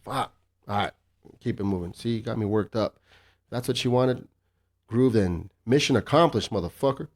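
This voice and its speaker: A man's voice: lowish voice, moderate pace, pauses often. A man in his thirties hosting a solo podcast, swearing freely and ranting in a cocky, casual way. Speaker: podcast host.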